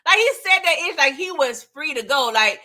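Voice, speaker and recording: A woman hosting a casual TV recap, animated and laughing as she acts out the scenes. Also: sits high, moderate pace. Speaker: TV recap host. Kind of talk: casual chat.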